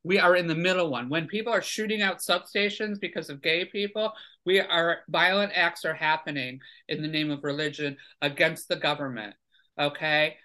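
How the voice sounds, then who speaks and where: A man's voice: fairly high pitch, moderate pace, sharp tone. A man as a podcast guest, arguing his points emphatically in casual conversation. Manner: emphatic, argumentative, lecturing.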